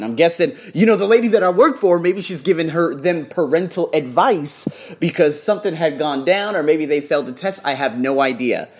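A man's voice: a little high, brisk. A man telling a casual vlog story about his tutoring work, swearing freely and acting out what people said. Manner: animated, swears freely, acts out quotes. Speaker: English test tutor.

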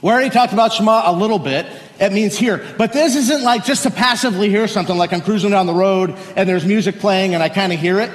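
A man pastor giving a sermon, chatting casually with the congregation and reading scripture slowly and solemnly, in a church sanctuary. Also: high voice. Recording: echoey hall with long reverb.

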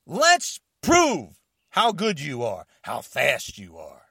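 Man, angry confrontational rant, swooping lively pitch, dry close sound. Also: slow, creaky, breathy edge, no echo. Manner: shouting, confrontational, challenging listeners.

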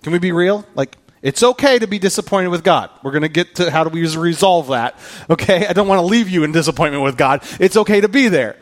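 A man's voice: high voice, expressive, fast. A man preaching a sermon in an earnest, conversational way, often repeating his words as he goes. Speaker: pastor.

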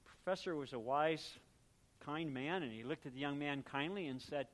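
Speaking to his congregation in an easygoing, conversational sermon, this pastor has a distinctly high voice. He explains word meanings and makes his points by voicing quick little exchanges between people.

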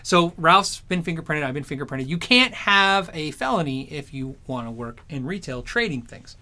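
A man chatting casually on his stream, telling rambling anecdotes in an animated way. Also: fairly high pitch, moderate pace. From Arizona. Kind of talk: casual storytelling chat.

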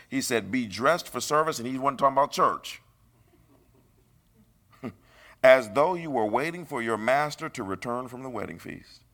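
A middle-aged man preaching a sermon, emphatic and rising into high bursts. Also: a bit bright.

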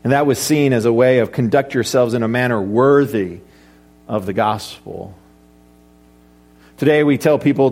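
A middle-aged man delivers a sermon in an easy, conversational way. He slips in light jokes and asks the congregation rhetorical questions. His pitch sits at an ordinary middle height for a man. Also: a little fast, darkish tone, soft background music. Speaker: pastor.

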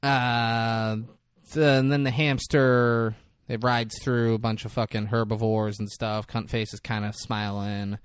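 A man's voice: lowish voice, smooth, no echo, clean studio sound. A man casually recapping a film on a podcast, acting out the characters' lines and swearing often. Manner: animated storytelling, acts out characters' lines, swears a lot. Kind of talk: casual profane chat.

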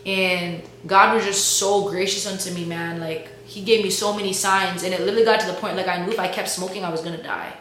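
Bright-voiced young woman telling her story. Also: lowish voice, steady tone, fairly quick, few pauses. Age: young adult. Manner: slangy, chatty, full of "like" and "bro". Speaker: college student sharing a faith testimony. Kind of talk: casual testimony storytelling. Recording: very echoey room with faint hum.

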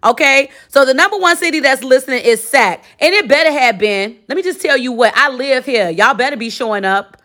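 A woman in her forties, originally from Chicago, hosts a solo podcast recap in a loose, chatty way. Her voice sits a little high, and she speaks straight to her listeners, often tagging her sentences with a quick check-in. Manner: chatty, animated, lots of direct address and 'okay?'. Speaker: podcast host.

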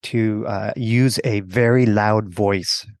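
Low-voiced man telling a classroom story. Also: steady tone, takes it slowly, no echo, clean studio sound. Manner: warm, earnest storyteller with frequent restarts. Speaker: PE teacher and instructional coach. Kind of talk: casual conversational storytelling.

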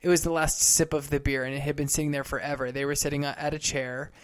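A man co-hosting a casual podcast, with a voice a little higher than most men's. He cuts in with quick, wry remarks and tells his own stories in a relaxed, conversational way. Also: clean tone. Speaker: podcast co-host. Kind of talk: casual chat.

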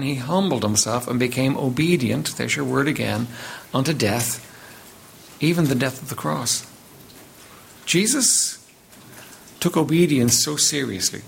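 A man's voice: on the high side, vocal fry, slight background noise. A man preaching a sermon as pastor, reading scripture aloud and emphatically repeating words as he builds his points.

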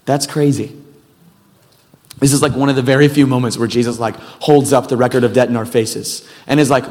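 A man's voice: mid-range voice, brisk, big-room sound. A male pastor preaching a sermon in a loose, casual way, with rambling, self-deprecating asides.

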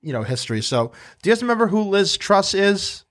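A man's voice: high voice, fairly quick. A young man hosting a casual podcast chat, telling stories and acting out quotes in mock voices. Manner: animated storyteller, acts out quotes in mock voices. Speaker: podcast host.

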